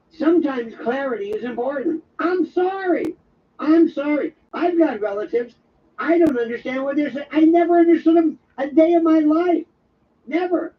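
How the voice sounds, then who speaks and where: A man hosting an overnight radio talk show. He tells a wandering, jokey monologue and slips into quick impressions. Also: very high voice, distant mic, dull audio, slight background noise. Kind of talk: rambling comic monologue.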